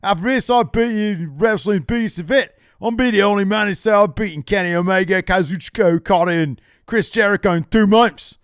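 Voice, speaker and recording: A man's voice: high voice, a little fast, few pauses, smooth, no room sound, studio quality, voice pushed up, lightly acted. A man putting on a to play a cocky, boastful male wrestler.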